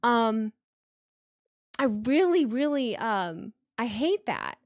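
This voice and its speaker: A woman's voice: on the high side, big pitch swings, slow pace, dry recording, clean studio sound. A woman hosting a live wrestling watch party, reading super chats and apologizing a lot, tripping over her words and swearing casually.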